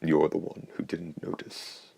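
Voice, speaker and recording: A man voicing a cool, terse vampire hunter in an audiobook, with quiet, clipped lines. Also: very deep voice, monotone, measured pace, vocal fry, breathy edge, no room sound, full character voice. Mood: curt. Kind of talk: audiobook character voice.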